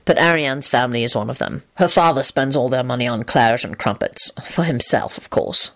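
A woman reading aloud and voicing a gentle, wry middle-aged male wizard. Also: a bass voice, a little fast, dry recording, voice pushed down.

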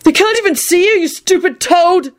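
A woman voicing an excitable, clumsy young man who talks eagerly and often shouts in a high, boyish voice. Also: moderate pace. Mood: exasperated.

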